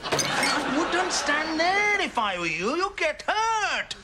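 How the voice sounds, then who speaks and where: A man's voice: extremely high pitch, big pitch swings, slow, a loud crowd, heavily acted. An actor playing a boastful, bossy middle-aged British Pakistani father with a Pakistani accent, on a noisy sitcom soundtrack. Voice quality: boastful, bossy, self-satisfied.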